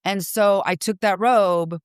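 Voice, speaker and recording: A woman's voice: mid-range voice, fairly even intonation, slow pace, no room sound, studio quality. A middle-aged woman guest, a costume designer, reminiscing casually and filling her talk with "like" and "you know". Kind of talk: casual interview chat.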